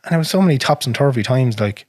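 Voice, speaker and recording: An Irish man hosting a podcast, talking frankly and with plenty of swearing, his voice sinking low and quiet on hard memories. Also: animated, fast talker, no room sound, clean studio sound. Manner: frank and profane, drops to a near whisper on painful memories. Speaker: podcast host. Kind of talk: casual conversation.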